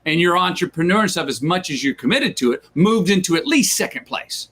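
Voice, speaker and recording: A man's voice: sits high, a little fast, a little hiss or hum. A man as an interview guest, talking casually and acting out quoted voices as he tells stories. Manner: animated storyteller who acts out quoted voices. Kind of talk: casual conversation.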